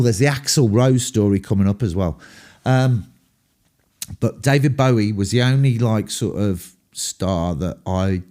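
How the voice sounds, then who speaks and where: A man's voice: lowish voice, mellow. A middle-aged man telling rambling, sweary rock stories, full of ums and asides. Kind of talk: casual storytelling to camera.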